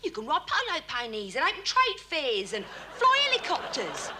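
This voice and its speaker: An actress playing a fed-up, nagging wife of a young royal, blunt and bickering. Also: female voice, high-pitched, huge pitch swings, normal speed, very noisy. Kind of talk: satirical comedy sketch.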